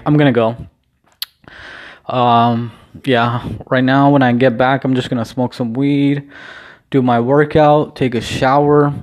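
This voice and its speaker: A man's voice: mid-range voice, darkish tone, lo-fi sound. A young man casually telling a rambling, profane story in a laid-back vlog. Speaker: vlogger.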